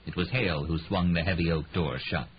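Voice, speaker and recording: A man narrating an audiobook in an expressive reading, voicing every character, on a slightly muffled recording with faint hiss. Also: low voice, fairly quick.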